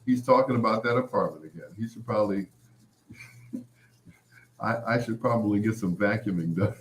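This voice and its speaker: A man's voice: lowish voice, normal speed, slight background noise. A middle-aged man hosting a podcast, chatting loosely in a rambling way with lots of "you know" fillers and acted-out quotes. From Chicago area. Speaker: podcast host. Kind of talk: casual storytelling chat.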